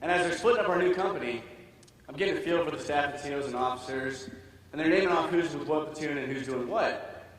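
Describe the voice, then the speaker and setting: Veteran guy telling his story onstage, animated, kinda high voice, big echoey hall. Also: fast, recorded from a distance, a little hiss or hum. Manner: animated, acts out quoted dialogue. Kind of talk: staged personal storytelling. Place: stage in a large hall.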